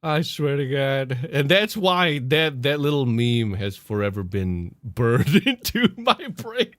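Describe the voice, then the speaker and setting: A man co-hosting a podcast, telling a story in a casual, profane, animated way and laughing often. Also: medium pitch, takes it slowly, no room sound, clean studio sound. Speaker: podcast co-host.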